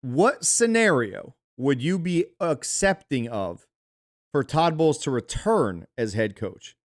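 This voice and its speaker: A man's voice: mid-range voice, very animated, slow pace, dry recording, clean studio sound. A man co-hosting a sports podcast, ranting profanely and heatedly while reading viewer messages. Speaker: podcast co-host. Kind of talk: casual sports chat, reading super chats.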